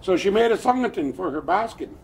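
Gravelly elderly male storyteller. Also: sits high, quick pace. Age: older. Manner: animated, plainspoken, chuckling asides. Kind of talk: oral traditional storytelling.

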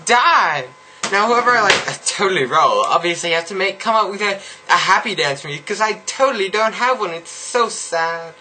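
A bubbly, ditzy valley girl, as a young man puts her on, gushes in a high, piercingly bright voice with airy stretched vowels. The put-on California accent bounces along. It is a comic vlog impression. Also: animated, moderate pace, slight background noise, exaggerated voice, rough recording. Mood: gushing.

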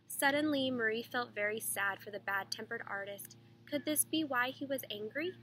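Woman, teacher, children's read-aloud, expressive, somewhat high voice, faint background hiss. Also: moderate pace, rough recording. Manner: steady, expressive storytelling.

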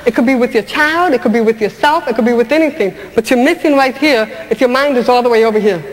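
A woman comedian and speaker telling stage stories in an animated way, asking the audience questions and laughing along. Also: fairly high pitch, quick pace. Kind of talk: stand-up storytelling. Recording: large hall with long reverb, faint ambience.

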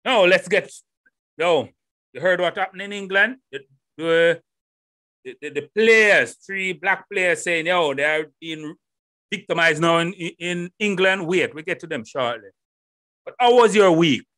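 A middle-aged man with a Jamaican accent, hosting a solo podcast and talking straight to his listeners with loud, animated rhetorical questions. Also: sits high, measured pace, dry recording, studio quality. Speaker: podcast host. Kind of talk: casual solo podcast monologue. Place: home room in Holland. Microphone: headphones and desk mic.

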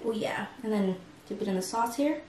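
A woman's voice: medium pitch, fairly quick, darkish tone, recorded from a distance. Woman, mukbang host, casual chat between bites, laughs often, a bit off-mic, faint background noise. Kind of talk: casual chat while eating. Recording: roomy echo from off-mic.

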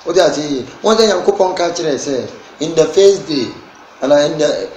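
A man speaking as an interview guest at an ordinary pitch. He pushes his points hard, his voice climbing and getting louder. The room is echoey, with a faint noise underneath. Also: animated, normal speed. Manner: emphatic, rising and loud when making points. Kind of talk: casual interview in Twi.

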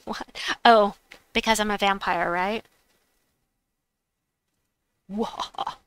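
A woman's voice: mid-range voice, normal speed, bright, forceful tone, clear, resonant tone, no echo. A woman hosting a casual gaming livestream, chatty and playful, reading chat aloud and making silly noises. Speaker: livestream host.

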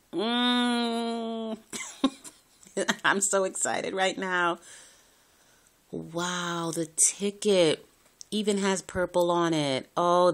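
A woman in her thirties chatting casually to a phone camera at home, gushing with excitement as she opens a craft gift. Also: mid-range voice. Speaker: crafting vlogger. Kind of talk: casual unboxing chat to camera.

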